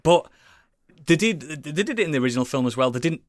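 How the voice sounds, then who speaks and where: A man chatting casually as a podcast co-host, rambling and enthusiastic, swearing often and filling pauses with ums and likes. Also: a little high, expressive, dry recording, studio quality. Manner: rambling, enthusiastic, swears a lot, many fillers. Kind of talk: casual chat.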